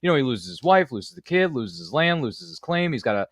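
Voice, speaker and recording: A man hosting a book podcast, chatting in an animated, jokey, emphatic way. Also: medium pitch, fairly quick, dry recording, clean studio sound. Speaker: podcast host. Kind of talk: enthusiastic casual interview chat.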